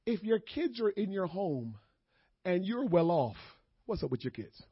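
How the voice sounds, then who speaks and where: A man, preaching a sermon to his congregation, dropping to low murmurs and then rising to shouted preaching. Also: very animated, unhurried, husky, no echo. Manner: calls out to the congregation. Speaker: pastor. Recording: dull, lo-fi sermon audio.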